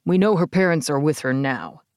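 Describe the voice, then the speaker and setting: A woman reading an audiobook, voicing a calm, blunt male minion who speaks evenly and never rises to anger. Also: low voice, normal speed, no echo, studio quality, lightly acted. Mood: deadpan. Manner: even, deadpan, unruffled. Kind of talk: audiobook character voice.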